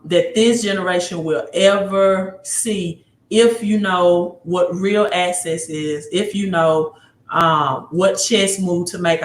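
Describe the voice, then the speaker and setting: A woman with a Mississippi accent hosting a casual livestream, talking excitedly, repeating herself and answering viewer comments. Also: lowish voice, slight background noise. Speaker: livestream host. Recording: roomy echo.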